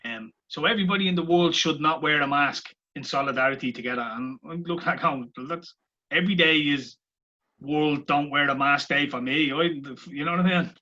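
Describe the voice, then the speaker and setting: A fairly high, bright, sharp-edged man's voice fires off heated rhetorical questions in a sweary podcast rant. It is a casual chat between co-hosts. The audio is muffled and lo-fi. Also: fairly quick. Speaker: podcast co-host.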